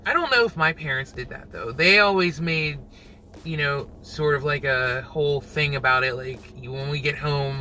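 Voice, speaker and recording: A man hosting his own reaction channel, musing aloud in casual commentary and quick to laugh. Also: a little high, sharp tone, slight background noise, low-quality recording.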